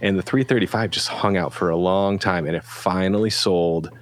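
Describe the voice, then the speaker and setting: A middle-aged man with a deep voice and moderate pace, a guest who founded a pedal company, tells a rambling, casual story and acts out quoted lines.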